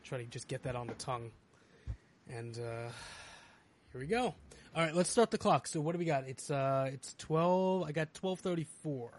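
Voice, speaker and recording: A man's voice: a little high, lively intonation, normal speed. A man hosting a casual chat who groans and swears in pain while eating a very spicy chip. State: in pain from burning spice. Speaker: podcast host.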